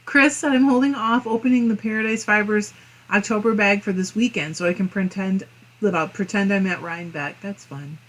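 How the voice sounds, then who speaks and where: Hosting a live crafting stream, a woman with a Midwestern American accent reads viewer comments aloud in a chatty, friendly way, musing to herself with little laughs. Her voice is medium in pitch, a bit bright, at a moderate pace. The audio is poor.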